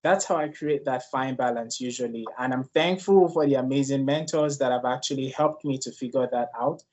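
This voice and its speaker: On a leadership panel, a Nigerian-accented man from Nigeria shares his views earnestly and personally, his medium-pitched voice brisk and darkish. The audio is lo-fi.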